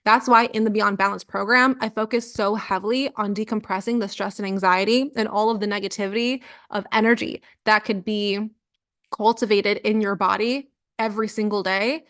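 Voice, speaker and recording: A woman's voice: medium pitch, fairly even intonation, normal speed, a bit bright. A young adult woman coaching clients live on energy healing, casual and earnest with lots of filler words. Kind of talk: live coaching session talk.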